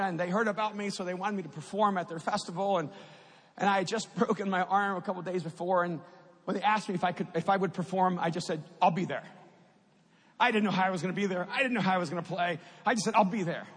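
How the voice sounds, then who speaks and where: A middle-aged man with a very high, husky voice tells his personal testimony. His words carry a long hall reverb, and he builds from easy storytelling to impassioned peaks. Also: a bit bright. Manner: storytelling, rising to impassioned at climaxes. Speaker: speaker giving a testimony.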